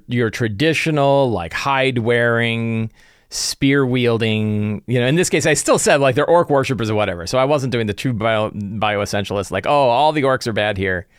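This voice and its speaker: A man's voice: mid-range voice, fairly bright tone, no room sound, clean studio sound. A man who runs tabletop games, thinking aloud about his prep in a loose, conversational way. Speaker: game master. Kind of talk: casual solo game-prep talk.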